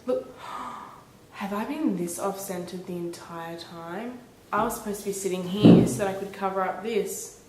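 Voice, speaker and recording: Bubbly young woman vlogging in an echoey room. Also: moderate pace. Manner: chatty and bubbly, animated storytelling. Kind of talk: casual chat to camera. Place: indoors at home, a small room. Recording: echoey room with faint rumble.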